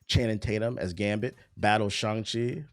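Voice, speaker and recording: A man streaming casually, reading entertainment news aloud and breaking off into profane, laughing asides. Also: moderate pace. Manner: profane, laughing asides, excitable pitch jumps.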